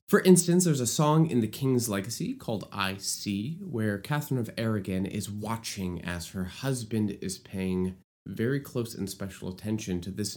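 A man gives an upbeat lesson on lyric writing. His pitch swings widely and his delivery is lively. He adds playful asides as he explains. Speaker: musical theater educator.

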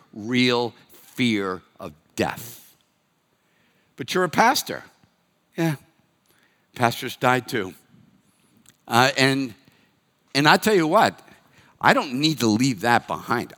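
A man in his sixties, a pastor from Massachusetts, preaching in a candid, self-deprecating, conversational way that swings between emphatic and quiet. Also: mid-range voice. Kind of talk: conversational sermon. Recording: long reverb of a hall.

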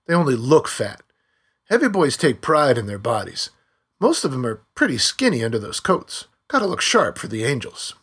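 A man's voice: mid-range voice, very animated, moderate pace, fairly bright tone, slightly rough, voice pushed up. A man voicing an eager, curious yard owner who presses with cussing questions. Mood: teasing. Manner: pushy, swearing questions.

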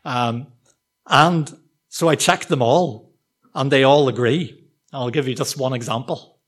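A man preaching a sermon to a church congregation, talking in a relaxed, conversational, self-deprecating way with frequent ums and restarts. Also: medium pitch, measured pace.

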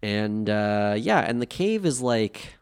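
A man co-hosting a podcast in casual chat, recapping an anime episode in a wry, animated way with the odd swear. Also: lowish voice, takes it slowly, smooth.

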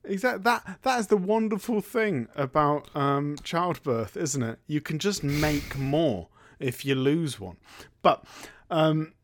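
A man's voice: fairly high pitch, slow, slight background noise. A man casually recapping a film as a podcast co-host, telling it as a story and briefly putting on voices for the characters. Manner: animated storyteller, acts out characters in jokey voices.

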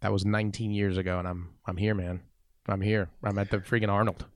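Coach around forty, lowish voice, dry close mic, animated storyteller who voices the people in his stories. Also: fairly quick, no room sound. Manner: animated storyteller, acts out dialogue, says "man" a lot. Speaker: weightlifting coach. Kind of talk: storytelling in a podcast interview.

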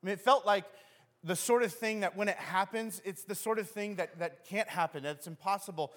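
A man preaching a sermon as pastor, telling the story in an animated way and acting out the scenes. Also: high-pitched, fairly quick. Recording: long hall reverb.

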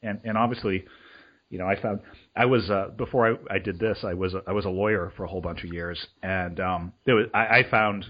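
A man's voice: low-pitched, fairly even intonation, brisk, lo-fi sound. A middle-aged man hosting a podcast, reading a scripted intro and then chatting casually with many restarts. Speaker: podcast host.

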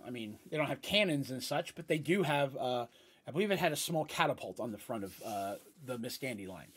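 Husky-voiced male game master narrating. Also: mid-range voice, fairly bright tone. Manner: casual, meandering, with fillers and asides. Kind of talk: storytelling narration of a tabletop game.

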